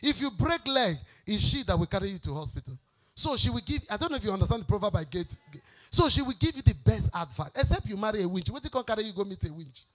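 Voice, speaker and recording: A woman's voice: mid-range voice, sing-song, quick pace. A woman pastor, preaching an emphatic, exhorting sermon.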